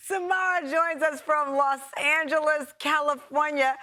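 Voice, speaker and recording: A woman presents a talk show in a high, bright voice. Her pitch swings widely as she talks, lively and playful. The studio sound is dry and close. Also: measured pace, dry recording.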